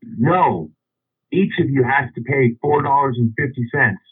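A stubborn teenage farm girl talks in a slow, flat, insistent way, a little higher than a man's usual voice, as a man puts her on in a story. The sound comes through thin and boxy, like a phone line. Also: breathy edge.

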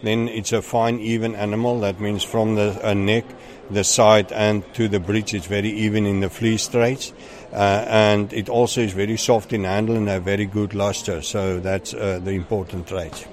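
A man's voice: fairly low pitch, flat delivery, normal speed. Methodical man judging goats outdoors. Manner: methodical, explaining point by point. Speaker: goat show judge. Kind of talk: interview answers.

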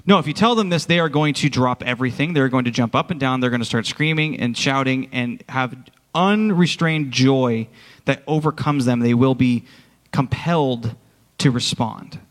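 A man's voice: medium pitch, moderate pace, long reverb tail. A man preaching a sermon as worship pastor, speaking earnestly and directly to his congregation in a church. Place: church sanctuary.

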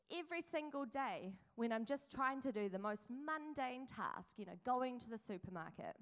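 A woman's voice: a little high, fairly bright tone. Chatty New woman preaching. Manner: chatty and storytelling, with asides to the congregation. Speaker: pastor. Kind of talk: sermon.

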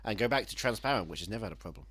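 A man co-hosting a casual comedy chat, sardonic and quick-witted. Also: on the low side, expressive, fairly bright tone, slightly rough.

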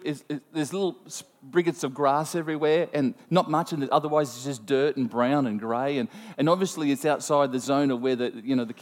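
A man preaching to a congregation, his voice sitting a little high. He tells a story with lively, self-mocking asides. The sound rings out with the long reverb of a large hall. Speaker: pastor. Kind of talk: sermon.

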